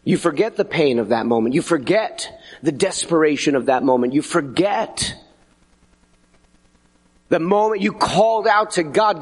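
A middle-aged man preaching a sermon as pastor, animated and conversational, slipping into acted asides. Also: on the high side, measured pace, long pauses, husky.

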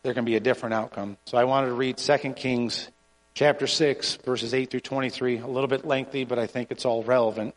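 A man's voice: mid-range voice, steady tone. Male preacher in a reverberant hall. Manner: earnest, halting preaching with restarts. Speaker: pastor. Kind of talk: sermon with scripture reading.

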